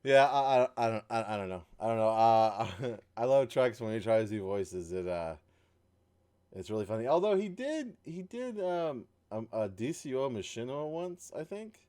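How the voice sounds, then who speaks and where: Animated man chatting on a gaming podcast. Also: mid-range voice, normal speed, clean tone. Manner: animated, laughing, stumbles over words. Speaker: podcast co-host. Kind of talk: casual chat.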